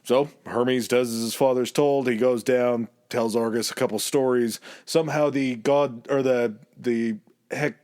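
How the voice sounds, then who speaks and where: A man's voice: mid-range voice, steady tone, a little slow, darkish tone. A man co-hosting a podcast, retelling myths as crude, jokey casual storytelling and laughing often. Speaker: podcast co-host.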